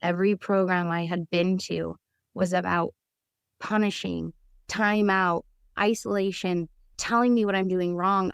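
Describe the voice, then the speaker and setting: A woman with a somewhat low, smooth, clear voice shares her own life story as a podcast guest. She is earnest and open, and she vividly acts out the conversations she remembers. The sound is close and dry, with no room echo. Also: steady tone, a little slow. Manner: vivid storyteller who acts out quoted dialogue; earnest and candid. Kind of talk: personal storytelling.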